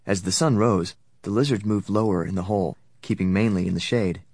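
A man narrating an audiobook in a steady, even storytelling manner. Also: low-pitched, fairly quick, no room sound, studio quality. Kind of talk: scripted narration.

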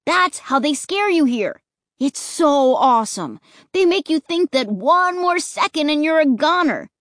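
A woman reading an audiobook, voicing an excited, reckless boy who talks high and loud. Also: moderate pace, dry recording, studio quality, close to an everyday voice. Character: excited reckless boy, thrill-seeking and gleeful.

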